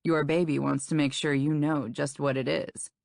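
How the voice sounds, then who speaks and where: A woman reading an audiobook, voicing a calm, reassuring male doctor in a soothing, matter-of-fact way. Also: on the high side, normal speed, creaky, dry recording, clean studio sound.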